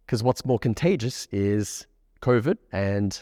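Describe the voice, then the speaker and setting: A man coaching a live group of students, keeping the session energetic and often checking that the room follows him. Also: on the low side, measured pace, dry recording, studio quality, long reverb tail. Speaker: dating coach. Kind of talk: live workshop teaching to a group. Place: room with a live audience, on stage.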